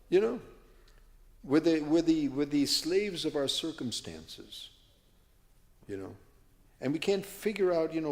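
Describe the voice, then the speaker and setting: A man's voice: on the high side, lively intonation, a little slow, pauses often, a little mellow. A man in his seventies from California, telling stories with many tangents and restarts as a workshop speaker in a mosque. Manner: rambling, prone to tangents and restarts. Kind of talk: storytelling talk. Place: mosque hall. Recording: long hall reverb.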